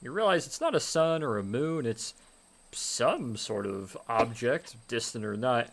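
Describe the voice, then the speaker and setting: A man's voice: medium pitch, animated, a little slow. A man narrating as game master of a tabletop game, with loose, rambling descriptions full of fillers.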